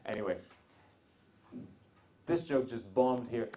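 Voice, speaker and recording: A man's voice: mid-range voice, lively intonation, slow, mellow, slight background noise. A man giving a live seminar talk to a room of attendees, rambling with frequent restarts and joking asides. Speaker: seminar speaker. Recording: dull lo-fi seminar recording.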